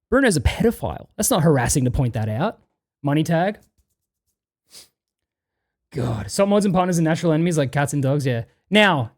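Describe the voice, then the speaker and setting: A man's voice: high voice, darkish tone. A man streaming, ranting and reading chat messages aloud in a profane, exasperated way.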